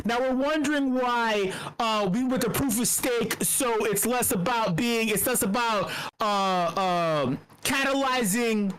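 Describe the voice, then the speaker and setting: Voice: medium pitch, a bit bright, clear, resonant tone, poor audio. A speaker ranting heatedly and profanely at an online meetup, exasperated and emphatic, often restarting sentences. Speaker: meetup participant. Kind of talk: heated rant in an online group call.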